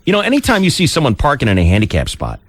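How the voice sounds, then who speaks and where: A man's voice: medium pitch, wildly swooping pitch, rapid-fire, husky, no echo. A man hosting a call-in radio show, teasing and mock-scolding his callers in casual banter.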